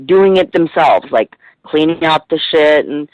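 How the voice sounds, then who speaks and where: A woman's voice: low-pitched, animated, unhurried, a little mellow, no echo, highs cut off. A middle-aged woman guest in a casual radio interview, talking in a rambling, heartfelt way with plenty of swearing.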